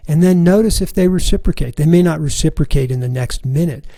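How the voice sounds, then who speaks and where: A middle-aged man teaching a relationship workshop course, speaking in a calm, measured, deliberate way. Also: a little high, no echo, poor audio. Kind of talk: recorded course lesson.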